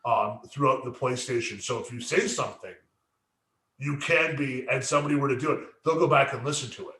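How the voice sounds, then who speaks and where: A man's voice: medium pitch, a little fast, pushed and bright. Guy on a late night stream, stammers a lot, swears, echoey room. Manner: stammering, repeats words, swears freely. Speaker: podcast co-host.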